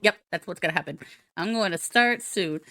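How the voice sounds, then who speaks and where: A woman's voice: lowish voice, a little fast, pushed and bright. A young woman streaming live, chatting playfully and goofily to her viewers with sing-song repetition. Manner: chats directly to viewers in chat. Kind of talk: casual live-stream chat. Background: faint background music.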